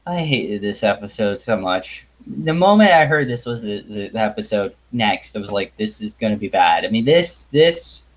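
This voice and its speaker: A man's voice: on the low side, lively intonation, low-quality recording. Blunt, exasperated man ranting. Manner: blunt and exasperated, with sighs and swearing; halting restarts and repetition. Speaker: video reviewer. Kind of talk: ranting review monologue.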